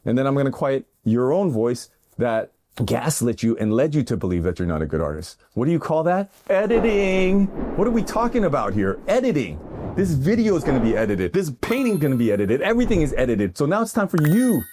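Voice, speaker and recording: A middle-aged man hosting his own art video, giving an animated, jokey motivational monologue that keeps rising into loud bursts. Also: medium pitch, fast, background noise. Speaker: artist and video host. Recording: music bed under the voice.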